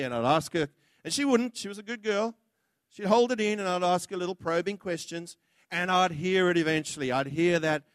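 High-voiced man preaching a blunt sermon. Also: fairly quick, smooth, dry recording, clean studio sound. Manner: blunt, impassioned preaching with acted-out quotes.

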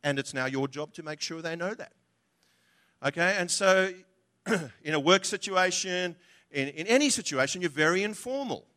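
A man's voice: sits high, animated, normal speed, sharp tone. A man preaching a sermon in a conversational, humorous way, often asking the audience questions. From from outside Australia.

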